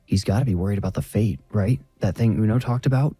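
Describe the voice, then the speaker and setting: A man's voice: on the low side, fast talker, dark tone, slightly rough, soft background music. A man voicing a worried, brooding young man in a horror story.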